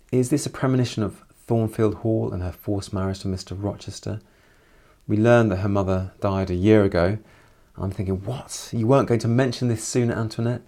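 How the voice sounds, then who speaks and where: A man's voice: low-pitched, fairly even intonation, moderate pace, mellow. A man summarizing a novel chapter by chapter, adding reflective personal asides. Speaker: literature commentator.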